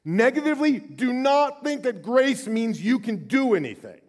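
A middle-aged male pastor preaching a sermon with passion, swinging from loud declarations to hushed, slow phrases. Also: very high voice, big pitch swings. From Southern California.

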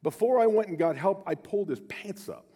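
Middle-aged male pastor, fairly high voice, storytelling sermon that sinks to near whispers. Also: expressive, a little fast, slightly rough. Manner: storytelling with wide swings from hushed to emphatic.

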